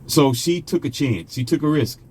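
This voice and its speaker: A man's voice: a little high, moderate pace, a little mellow, husky. A man from the United States, a vlogger telling a personal story in a chatty, conversational way with asides to the viewer. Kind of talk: casual storytelling monologue.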